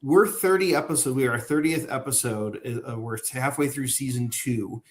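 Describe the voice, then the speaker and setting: A man's voice: mid-range voice, moderate pace. A man co-hosting as producer, teasing playfully and stammering through restarts in casual chat over a video call. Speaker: producer and co-host.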